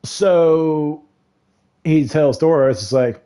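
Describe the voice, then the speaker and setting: A man's voice: fairly high pitch, expressive, measured pace, mellow. A man casually retelling a novel's plot while playing a game, rambling and quoting characters with frequent laughs. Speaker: streamer recapping a novel. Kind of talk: casual chat while gaming.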